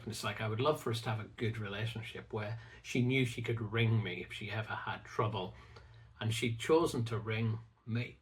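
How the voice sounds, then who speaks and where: A man's voice: mid-range voice, a bit bright, rough recording. A middle-aged man giving an informal devotional talk, conversational and earnest, often acting out what people think and say. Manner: conversational and earnest, full of restarts and acted-out inner voices. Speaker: speaker of a Christian devotional video.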